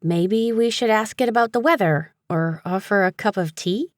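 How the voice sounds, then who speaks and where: A woman's voice: medium pitch, normal speed, no room sound, clean studio sound, pitched above the performer's own voice, natural voice. A woman voicing a flustered, anxious young woman librarian. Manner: flustered, startled.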